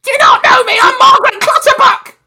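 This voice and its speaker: A man voicing a loud, pompous older village woman who shouts indignantly, improvised in a tabletop role-play. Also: extremely high pitch, fast talker, very noisy, pitched above the performer's own voice. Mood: indignant shouting.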